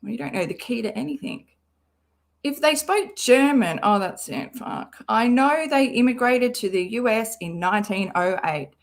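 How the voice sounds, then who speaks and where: A woman's voice: on the high side, animated, moderate pace, gravelly. A woman doing casual live-stream commentary, sarcastic and rambling, who swears freely. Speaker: livestream commentator.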